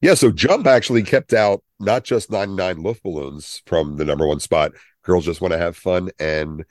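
Male podcast co-host, 50s, very low voice, jokey tangents, dry booth. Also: normal speed, darkish tone, no echo. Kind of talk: casual chat.

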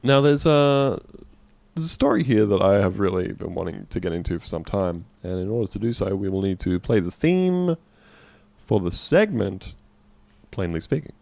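A low-voiced man reads news items aloud on a comedy podcast, his pitch rising and falling animatedly. He breaks off into jokey asides. The sound is dry and close to the mic. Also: animated, normal speed, creaky, a little mellow, no echo. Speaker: podcast co-host reading news stories. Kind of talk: casual comedic chat.

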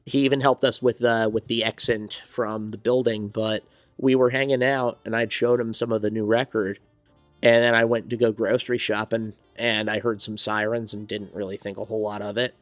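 A fairly low-pitched man speaks in a level tone at normal speed, with no room sound and faint music in the background. He's a songwriter and studio owner from New Jersey, a guest in a casual interview, telling his story in a rambling, reflective way.

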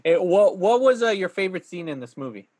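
A man's voice: sits high, big pitch swings, brisk, darkish tone, no echo. A man chatting casually about a movie, talking animatedly and acting out scenes in a raised voice.

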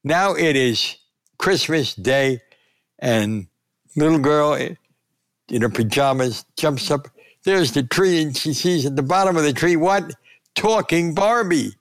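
An older man, a sportswriter, telling lively anecdotes in an interview and acting out the quotes. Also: medium pitch, slow pace, no room sound, studio quality. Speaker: sportswriter and columnist. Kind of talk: storytelling in a conversational interview.

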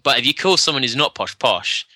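Speaking a little fast with lively intonation, this medium-pitched man sounds bright and forceful in a dry, studio-quality recording. A podcast co-host from southern England with a matching accent, he keeps the conversation casual, cracking jokes, laughing often, and putting on silly voices.

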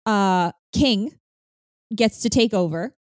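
A woman's voice: mid-range voice, slow pace, dry recording, clean studio sound. A woman in casual film discussion, talking candidly and animatedly with frequent fillers and some swearing.

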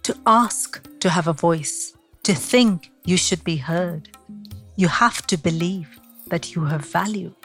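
Brief: middle-aged woman host, Indian accent with East London traces, low-ish voice, measured and reflective, faint music behind. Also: a bit bright, breathy edge. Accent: Indian, mix of Mumbai, Kerala and East London. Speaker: podcast host. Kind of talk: podcast interview and scripted narration.

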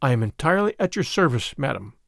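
A man voicing a loyal, earnest young gentleman speaking formally. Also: mid-range voice, sing-song, quick pace, creaky, dry recording, studio quality, pitched below the performer's own voice.

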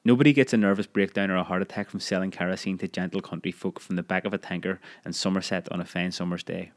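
A man narrating a memoir audiobook in a measured, expressive storytelling manner. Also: low-pitched.

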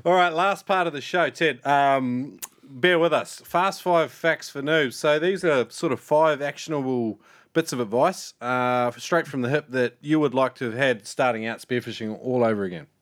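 A man's voice: medium pitch, normal speed. A man with a New Zealand accent hosting a podcast interview, teasing with a dry sense of humor. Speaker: podcast host.

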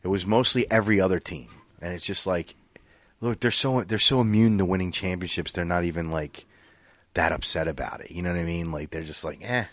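Swearing man telling animated stories on a podcast. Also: deep voice, fairly quick, dry recording. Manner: animated, profane storytelling with acted-out quotes. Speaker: podcast host. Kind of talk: casual chat.

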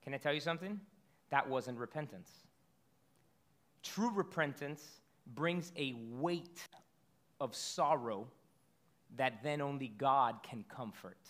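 Preaching in a conversational style, a pastor asks his congregation rhetorical questions and frequently restarts his phrases. He has a medium-pitched, fairly bright voice and speaks slowly, pausing often.

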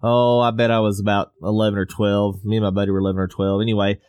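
A man's voice: fairly low pitch, level tone, fast, a little mellow, clear, resonant tone, no echo. Middle-aged male host, rambling, a few laughs, dry close mic. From Southwest US. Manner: rambling storyteller, laughs often. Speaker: podcast host. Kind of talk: casual chat.

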